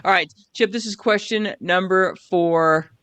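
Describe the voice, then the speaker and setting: A podcast co-host in casual chat, enthusiastically retelling scenes with short pauses. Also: mid-range voice, a bit bright, clear, resonant tone, no echo.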